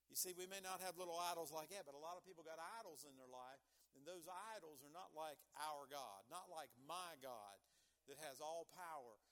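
Male preacher, slightly high voice, homespun and emphatic. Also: fairly bright tone. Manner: folksy, chuckling asides; emphatic, repeats key phrases. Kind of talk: sermon.

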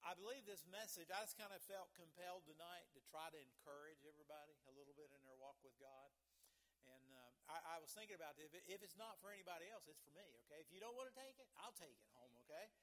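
A preacher with a high, bright voice gives a relaxed, chatty sermon to his church. He repeats phrases as he goes and keeps checking in with the room, asking "okay?" and "right?" like he's talking with friends. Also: fast talker. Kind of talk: informal evening sermon. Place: church service.

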